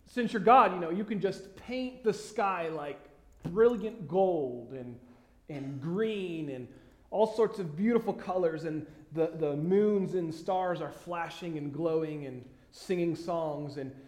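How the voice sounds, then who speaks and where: Male pastor, high voice, conversational sermon with emphatic questions, echoey church hall. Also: darkish tone. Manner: conversational, many fillers and pauses, rising to emphatic questions. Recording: echoey room.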